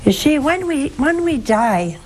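A woman, a nun hosting a religious call-in show, teaching slowly and emphatically with rhetorical questions. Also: sits high, big pitch swings, darkish tone, a little hiss or hum, rough recording. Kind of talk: devotional teaching and call-in advice.

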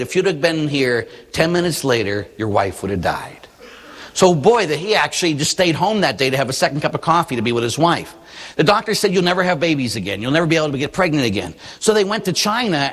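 A man's voice: on the high side, a bit bright, in a large hall. A man, a Catholic priest, preaching a sermon, who tells stories with animation and acts out the voices of the people he quotes.

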